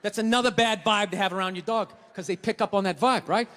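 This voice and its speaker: A man doing a stand-up comedy set on stage, ranting and profane, swinging between low mutters and shouts, with audience laughter. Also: fast talker. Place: large theater stage. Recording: live theater, long reverb, audience noise.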